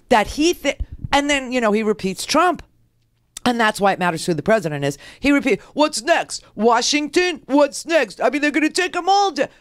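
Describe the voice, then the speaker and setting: A woman's voice: a little high, no room sound, clean studio sound. Indignant woman radio host. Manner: indignant, sarcastic. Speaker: radio talk show host. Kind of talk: political commentary.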